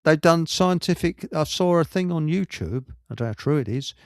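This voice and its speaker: Chuckling, rambling man host, higher voice. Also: lively intonation, fairly quick, no echo, clean studio sound. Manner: rambling, laughs often at his own stories. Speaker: host of a live stream show. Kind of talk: casual chat, anecdotes.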